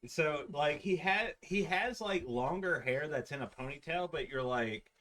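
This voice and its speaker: A man running a tabletop game, describing the scene in a halting, casual way with lots of restarts and slang. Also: on the high side, animated, a bit bright. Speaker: dungeon master.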